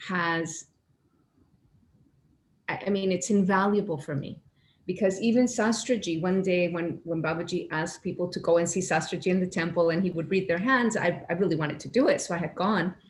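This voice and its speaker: A woman telling a personal spiritual story in an earnest, animated way, acting out her own inner voices. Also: lowish voice, moderate pace, long pauses, a little hiss or hum. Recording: echoey room with faint ambience.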